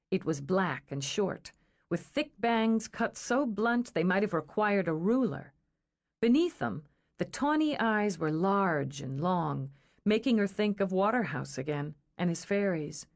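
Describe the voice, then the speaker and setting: A woman reading a romance novel aloud in a measured, expressive storytelling style. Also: mid-range voice. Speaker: audiobook narrator. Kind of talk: scripted narration.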